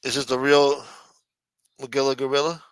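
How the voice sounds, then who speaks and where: A man's voice: mid-range voice, little pitch movement, moderate pace, fairly bright tone, smooth, no room sound. A man hosting a livestream, telling stories in a rambling, profane, casual way. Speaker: livestream host.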